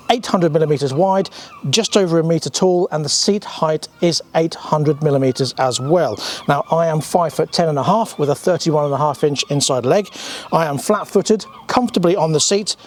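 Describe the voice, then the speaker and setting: A man's voice: fairly high pitch, a little mellow, a little hiss or hum. A British man hosting a motorcycle review, walking through it with dry humour and the odd filler um. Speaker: motorcycle reviewer and channel host. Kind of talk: scripted review walkthrough.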